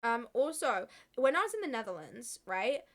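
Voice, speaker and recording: A woman's voice: fairly high pitch, very animated, moderate pace. A young woman chatting casually to viewers on a live stream, swearing freely and laughing often.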